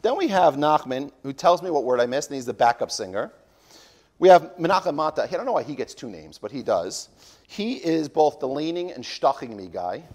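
A man's voice: on the high side, big pitch swings, brisk, darkish tone. Man rambling through a mock Talmud class. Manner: rambling, keeps interrupting himself with asides; jokey, mock-serious. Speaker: Torah class teacher. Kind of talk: comedic parody of a daily Talmud class.

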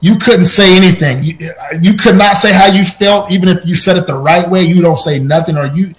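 A man telling personal stories on a podcast in an animated way, his voice jumping up at tense moments, with frequent restarts. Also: sits high, fairly quick, rough recording. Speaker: podcast guest. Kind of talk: personal storytelling.

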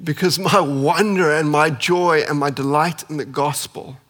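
Male preacher, fairly high voice, passionate sermon with loud peaks and hushed drops, long hall reverb. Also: a little slow. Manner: impassioned, rising to emphatic peaks then dropping soft.

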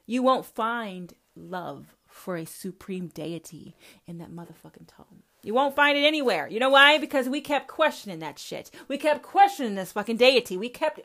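A woman's voice: on the high side, lively intonation, normal speed, fairly bright tone. A woman hosting a podcast, talking in a confrontational monologue that is full of swearing and speaks straight to the listener. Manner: confrontational, swears constantly, addresses listener directly. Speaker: podcast host. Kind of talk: profane monologue.

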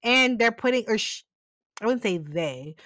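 Her voice a little high and a bit bright, a podcast co-host recaps a TV episode animatedly at normal speed, acting out the characters and laughing often. No room sound is audible.

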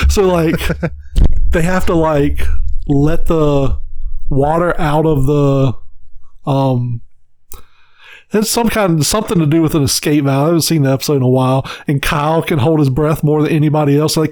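A man co-hosting a casual podcast, retelling a cartoon episode in an animated way, swearing and laughing often. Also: fairly high pitch, normal speed, no room sound. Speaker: podcast co-host. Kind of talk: casual chat.

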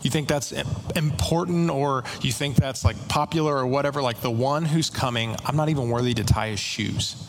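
A man preaching a conversational sermon, retelling scripture in everyday slang with quick asides. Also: medium pitch, noisy background.

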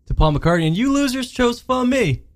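A man's voice: very high-pitched, sing-song, a little fast. A man co-hosting a radio show in casual chat, full of teasing, sarcastic banter.

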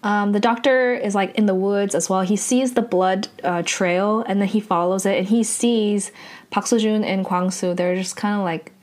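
A woman casually recapping a drama episode, talking in a loose, chatty way, full of "like" fillers and quick self-corrections. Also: mid-range voice, fairly even intonation, a little mellow.

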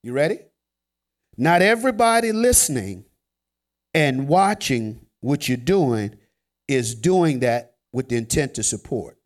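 A man preaches a sermon in a joking, conversational manner, moving from loud emphasis to hushed asides. His voice is medium-pitched and expressive, and he speaks a little slowly.

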